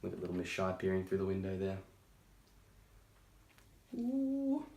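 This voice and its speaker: A man reading a children's picture book aloud, breaking off for chatty, gentle asides. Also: low voice, completely flat delivery, racing. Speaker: storytime reader. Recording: roomy echo.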